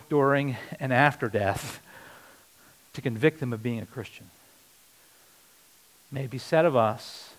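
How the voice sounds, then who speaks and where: A man preaching a sermon as pastor, swinging from loud punchy lines to hushed, earnest ones. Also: medium pitch.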